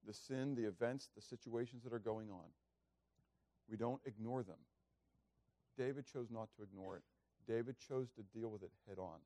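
A man's voice: lowish voice, moderate pace, long pauses, dry recording. Man, pastor, conversational sermon, rhetorical questions, dry close sound. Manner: acts out biblical speeches with loud raised voice.

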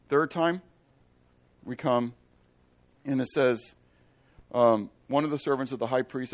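A man preaching a sermon in a casual, playful way, often acting out the people in his story. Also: medium pitch. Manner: animated, playful, acts out quotes. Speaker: pastor.

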